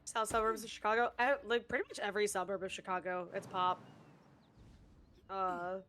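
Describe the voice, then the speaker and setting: A woman's voice: mid-range voice, fast talker, a bit bright, slight background noise. A woman live-streaming a co-op game, chatting casually and rambling with lots of fillers and restarts.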